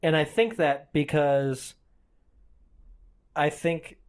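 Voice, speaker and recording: A man's voice: fairly high pitch, slow pace, clean tone. A young man co-hosting a comedy podcast, rambling and self-mocking in casual chat. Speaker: podcast co-host.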